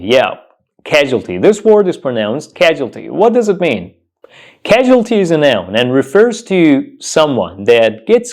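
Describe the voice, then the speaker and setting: Lively male pronunciation teacher. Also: mid-range voice. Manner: repeats each word slowly and clearly, asks the viewer questions. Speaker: English teacher. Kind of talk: pronunciation lesson.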